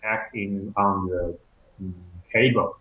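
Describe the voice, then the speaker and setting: A Taiwanese man whose first language is Mandarin speaks English hesitantly as a student in an online lesson, with many fillers and restarts. His voice is fairly low, slow, and fairly even in intonation. The call audio sounds echoey and tinny.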